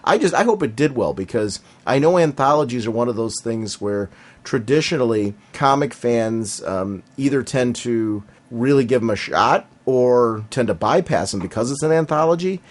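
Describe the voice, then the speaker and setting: Animated, enthusiastic male podcast co-host. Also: medium pitch, normal speed. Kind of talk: casual podcast chat.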